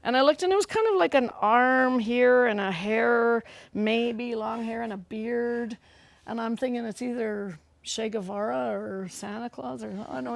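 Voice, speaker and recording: A woman guest singer-songwriter telling stories in a chatty, animated way, laughing often, on a live talk show. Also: a little high, moderate pace, vocal fry, dry recording.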